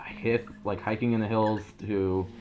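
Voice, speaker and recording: A teenage boy casually telling a long, rambling story, full of fillers, who jumps into loud, high voices when quoting others. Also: flat delivery, measured pace, lo-fi sound, slight background noise.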